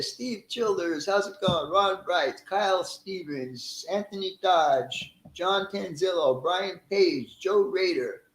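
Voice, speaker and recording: A man's voice: high voice, reverberant, low-quality recording. Chatty man hosting a live stream. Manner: friendly, chatty, laughs easily. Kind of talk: casual live stream chat greeting viewers.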